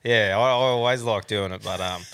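An Australian man hosts a podcast in a loose, joking chat, full of laughs and swearing. His voice is bright and forward, and the room sounds dry and close. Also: on the low side, normal speed, clean tone, no echo. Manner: laughs often, swears a lot. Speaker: podcast host. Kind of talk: casual chat.

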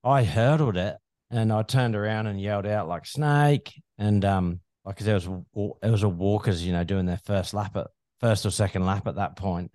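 A laid-back man co-hosting a casual running podcast. His voice sits very low, and the sound is close and dry with no room around it. He swears now and then without any edge. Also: fairly even intonation, brisk, mellow, no room sound. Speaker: podcast co-host. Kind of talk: casual chat.

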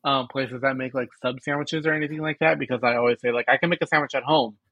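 A man's voice: mid-range voice, fairly even intonation, fast, pushed and bright, dry recording, dull audio. A man in his twenties co-hosting a podcast, chatting casually through an episode recap with lots of fillers and teasing. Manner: rambling, filler-heavy, teasing. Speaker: podcast co-host.

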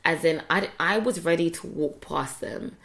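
A woman's voice: fairly low pitch, normal speed, creaky, fairly bright tone. A young woman, co-hosting a podcast in casual, chatty talk full of fillers and restarts. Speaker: podcast co-host. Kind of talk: casual chat.

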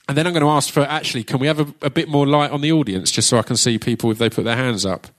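Man with an Essex accent, casual stage chat, jokey and loose, drops the odd swear, keeps restarting sentences, mid-pitched voice, live audience Q&A. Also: very fast. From Essex, England. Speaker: performer hosting an audience Q&A. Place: theatre stage at a live book launch.

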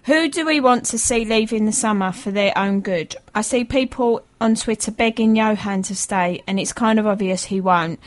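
A woman's voice: medium pitch, normal speed, few pauses. A woman co-hosting a football radio show, reading out listener emails and chatting with many fillers. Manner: chatty, laughing, hesitant. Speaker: radio co-host.

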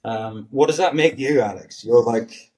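A man's voice: mid-range voice, measured pace, a little mellow. A man in his forties, a guest actor in a casual podcast chat, rambling and hesitant with many restarts and fillers.

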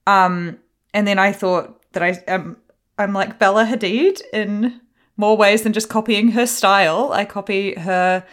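A young woman from New Zealand co-hosting a podcast in casual chat, animated and laughing, often mimicking accents. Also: mid-range voice, a little slow. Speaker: podcast co-host.

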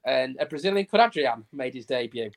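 A man reciting football statistics on a fan podcast, pausing often with fillers. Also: medium pitch, vocal fry. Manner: steady recital of stats with many uh fillers. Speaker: stats guest on fan podcast. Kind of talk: casual podcast chat.

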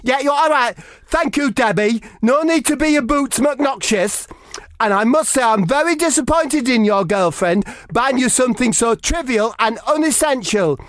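A man's voice: very high voice, lively intonation, moderate pace, fairly bright tone, no room sound, pitched above the performer's own voice. A man voicing a fussy, preachy male football manager who lectures his players. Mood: prim. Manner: pompous, lecturing.

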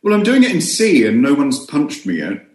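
A man's voice: fairly high pitch, huge pitch swings, brisk, a little mellow, reverberant. A man with a British accent, an actor guest chatting casually and self-deprecatingly. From Britain. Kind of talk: casual podcast chat.

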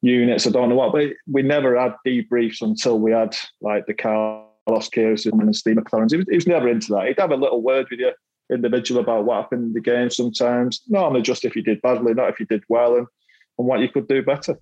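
A man's voice: mid-range voice, fairly even intonation, quick pace, a little mellow, muffled recording. A middle-aged man with a Mancunian accent, a podcast guest telling self-deprecating stories from his playing days, laughing often and repeating words as he goes. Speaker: guest, former footballer. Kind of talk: casual storytelling chat.

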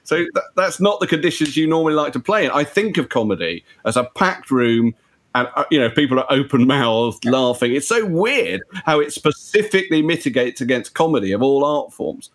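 A man's voice: mid-range voice, expressive, brisk. A man, a comedian chatting casually in a conversation, rambling with restarts.

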